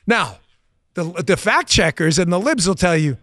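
Male talk host, high pitch, laughing and mocking, excitable delivery, dry studio sound. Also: normal speed, dry recording. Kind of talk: political talk show monologue.

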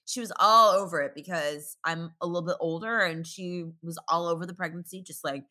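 A woman chatting casually as a podcast guest, bubbly and quick to laugh. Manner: bubbly, laughs often, animated pitch jumps. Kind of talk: casual chat.

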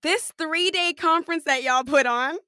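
A woman's voice: a little high, lively intonation, measured pace, pushed and bright, no room sound, clean studio sound. A young adult woman hosting a podcast, chatting casually with lots of fillers and laughter. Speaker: podcast host. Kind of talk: casual conversation.

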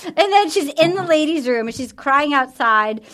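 High-voiced brash woman podcast host. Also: animated, moderate pace, a bit bright, slight background noise. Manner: brash, swears freely, laughs often. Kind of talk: casual chat.

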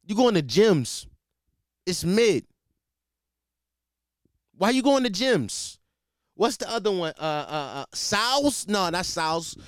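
Brief: young Philly man, high voice with wild swings, profane comedic rant, dry close sound. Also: slow, pauses often, no room sound. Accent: Philadelphia. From Philadelphia, USA. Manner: animated, swings between shouting and muttering, repeats himself. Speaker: comedic ranter.

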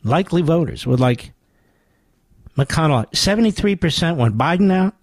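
A man's voice: a little high, lively intonation, normal speed, no room sound. A man hosting a radio talk show, delivering a sarcastic, mocking monologue full of rhetorical asides into a studio microphone.

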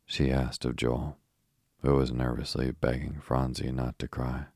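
A very deep, monotone male narrator. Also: a little slow, no room sound, clean studio sound. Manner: steady, even reading with little rise and fall. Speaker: audiobook narrator. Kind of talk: scripted storybook narration.

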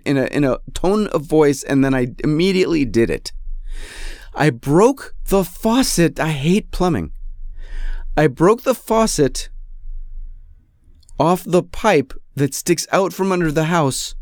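A man's voice: on the high side, animated, moderate pace, a little mellow, no room sound, clean studio sound. A man hosting a podcast, telling a comic story in an exasperated, self-mocking rant. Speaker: podcast host. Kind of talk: casual comedic storytelling.

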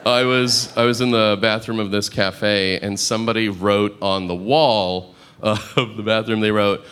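A man performing a stand-up comedy set in a club, telling stories in a deadpan, dry manner and acting out other people's lines. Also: lowish voice, moderate pace. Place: comedy club stage before a live audience. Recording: live club recording with audience noise.

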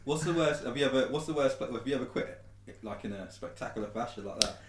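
A man's voice: mid-range voice, quick pace. A man co-hosting a podcast, chipping in with short reactions and questions. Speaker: podcast co-host. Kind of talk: casual chat.

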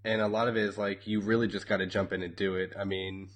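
Low-voiced man rambling wryly. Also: level tone, fast. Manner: rambling and wry, many fillers. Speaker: podcast co-host. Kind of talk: casual chat.

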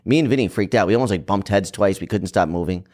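A man joining a casual podcast chat and telling a quick, offhand story. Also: low voice, a little mellow.

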